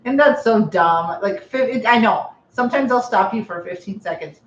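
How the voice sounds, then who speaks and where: A woman's voice: medium pitch, normal speed. Woman with a Midwestern accent and a bit of Texas drawl, rambling and playful, in a roomy, dull recording. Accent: Midwestern with a touch of Texan. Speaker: co-host of a live stream. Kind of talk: casual chat.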